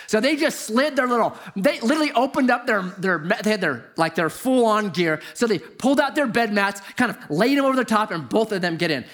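High, animated middle-aged man telling a story. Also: fairly quick, hardly any pauses. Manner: lively, exaggerated storytelling with big swings into loud disbelief.

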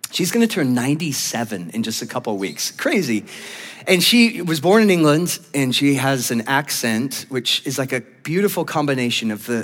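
A man's voice: medium pitch, in a large hall. A male pastor preaching a sermon in a church, telling stories animatedly and laughing often.

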